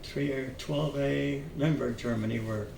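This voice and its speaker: An older man telling his memories in an oral history interview, halting with many fillers and restarts, chuckling now and then. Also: medium pitch, steady tone, creaky. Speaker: veteran interviewee. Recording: echoey room, distant mic, faint noise.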